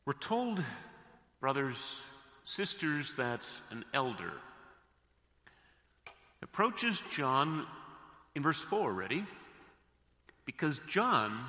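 A man preaching a sermon as pastor, slow and deliberate, dropping soft and then rising to emphasis. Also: medium pitch. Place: church sanctuary. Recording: echoey church hall.

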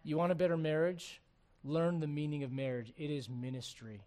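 This is a middle-aged male pastor from Puerto Rico, his voice sitting notably high for a man. He preaches to a live congregation with fervent, earnest delivery, dropping to quiet appeals and tossing in wry jokes. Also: fairly even intonation, moderate pace. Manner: joking asides to the congregation. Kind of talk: sermon. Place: church service before a congregation.

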